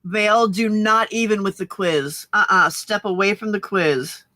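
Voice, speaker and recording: A woman chatting casually on a livestream, giggling often and filling pauses with ums. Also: mid-range voice, fairly even intonation, pushed and bright, no echo. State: slightly husky morning voice. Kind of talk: casual chat.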